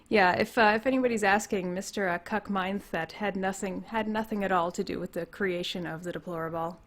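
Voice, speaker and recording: A young Canadian woman, her on-the-high-side voice a little hoarse from losing it, hosts a casual livestream from home on a computer mic. She rambles, laughs a lot, and reads chat comments aloud.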